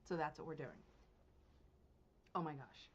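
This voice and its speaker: A woman hosting a knitting podcast, chatting casually to her viewers, excitable and gushing, laughing often and swinging between hushed and loud. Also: low-pitched, measured pace, dull audio, a little hiss or hum. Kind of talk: casual unboxing chat to viewers.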